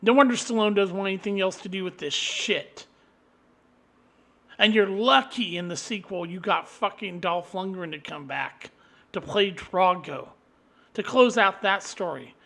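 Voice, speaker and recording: A man delivering an angry, profane solo rant, combative and swinging into loud outbursts. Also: high-pitched, unhurried. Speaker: vlogger.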